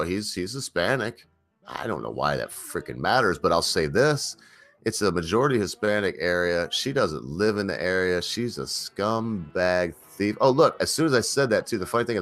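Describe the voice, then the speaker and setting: A man's voice: deep voice, animated, brisk, a bit bright. A man hosting his own channel, giving a casual, rambling opinion rant with emphatic bursts and many fillers and restarts. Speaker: channel host.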